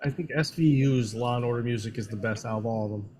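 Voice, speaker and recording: A man co-hosting a live match watch-along. He talks in a relaxed way, chuckles often and asks simple questions. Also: mid-range voice, fast. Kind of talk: casual watch-along chat.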